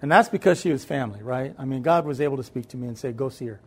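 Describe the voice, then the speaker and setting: A man telling a personal story as a guest, animated and conversational, acting out the voices in it. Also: medium pitch, racing, husky. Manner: conversational, with repeated fillers and restarts.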